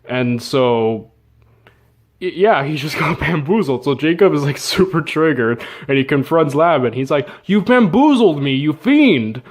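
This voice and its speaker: A man's voice: a little high, measured pace. A man casually retelling an old story with jokes, slang and asides. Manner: joking, slangy, with fillers and laughs. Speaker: narrator.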